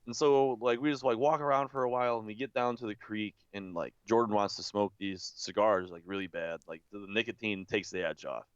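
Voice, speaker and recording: A young man with a low, smooth voice spins a rambling story in casual podcast chat. He swears freely and leans on "like" constantly. The sound is dry and a little dull. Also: fairly quick, hardly any pauses, no room sound. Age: young adult. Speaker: podcast co-host.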